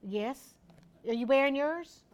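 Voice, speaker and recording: A woman's voice: sits high, slow, lo-fi sound, heavy background noise. A woman giving an informal health talk to a small group in a room, chatty and practical, speaking straight to her listeners.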